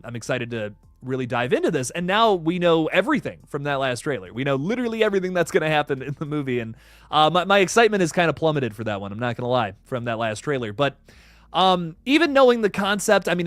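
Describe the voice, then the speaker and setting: A young man hosts a casual live stream in a fairly high voice. He rambles excitably, full of fillers and restarts. The sound is dry and close, with no room around it. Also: no echo. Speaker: horror news streamer.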